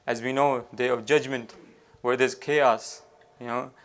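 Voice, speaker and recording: A man preaching a storytelling sermon, halting often with fillers and restarts and weaving in devotional phrases. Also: mid-range voice, fairly even intonation, a bit bright. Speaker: Islamic preacher.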